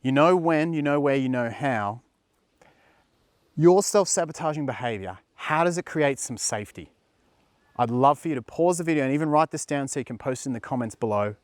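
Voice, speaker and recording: A man's voice: medium pitch, lively intonation, a little fast, dry recording, clean studio sound. A man working as a dating coach, talking straight to the viewer in an earnest, emphatic way and repeating words when he stresses a point. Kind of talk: direct-to-camera coaching talk.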